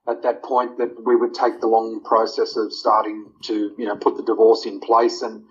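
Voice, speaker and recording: A man's voice: fairly low pitch, little pitch movement, normal speed. A middle-aged man, telling his personal story in an interview, emotional and rambling with fillers. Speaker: interview guest. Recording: dull lo-fi audio.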